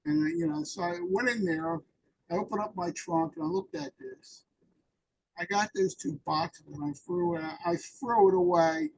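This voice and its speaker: A man's voice: high voice, lively intonation, moderate pace, a little hiss or hum, rough recording. A man in an interview, telling rambling personal recovery stories and acting out the dialogue. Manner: rambling anecdotal storyteller, acts out dialogue. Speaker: interview guest.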